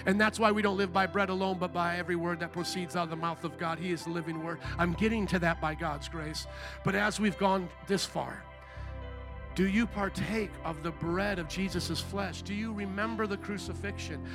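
A man's voice: sits high, fairly even intonation, brisk, music in the background. A man preaching a sermon as pastor, emphatic and asking the congregation questions.

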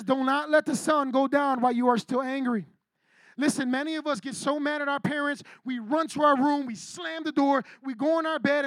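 A man's voice: extremely high pitch, no room sound. A man giving a casual sermon to young people as their youth pastor, talking in a slangy, conversational way and calling on listeners by name.

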